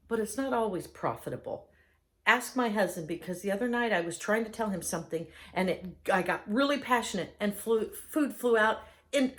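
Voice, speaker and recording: A middle-aged woman chatting casually as host, an enthusiastic and animated storyteller. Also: a little high. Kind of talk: casual chat.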